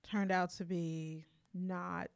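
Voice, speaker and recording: Gravelly-voiced woman thinking aloud. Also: lowish voice, little pitch movement, slow pace. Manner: reflective, thinks aloud with many likes. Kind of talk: casual chat.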